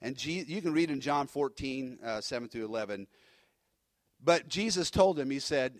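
A man who is a pastor, preaching a sermon in an emphatic, animated way with frequent restarts. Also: on the high side, fairly quick, no echo.

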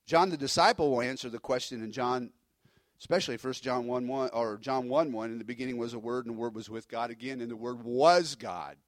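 A man who is a pastor, preaching a sermon in an emphatic, animated way with frequent restarts. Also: mid-range voice, fast, dry recording.

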